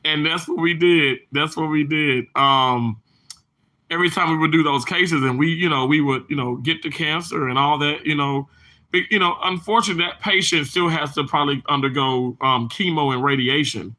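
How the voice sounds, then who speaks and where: Guy running a casual livestream, real bright sharp voice, kinda high, rambles and says hi to folks in chat. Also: moderate pace. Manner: rambling and chatty, with many restarts and fillers; warmly greets viewers by name. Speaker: livestream host reading chat.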